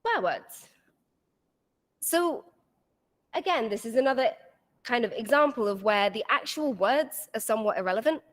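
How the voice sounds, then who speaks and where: A young woman giving a university lecture, often lifting her pitch at the end of sentences. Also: lively intonation, normal speed, long reverb tail. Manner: rising intonation at the end of sentences. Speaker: guest lecturer.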